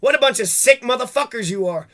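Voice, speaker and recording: A man's voice: very high voice, animated, fast talker, fairly bright tone. A man delivering a heated, profane rant, cursing and jumping from one grievance to the next.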